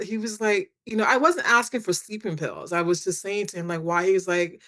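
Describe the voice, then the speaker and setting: A middle-aged woman, a guest on a podcast, candidly telling her story in a chatty, animated way, with many fillers and lots of quoted dialogue. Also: mid-range voice, moderate pace. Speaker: guest, attorney and author.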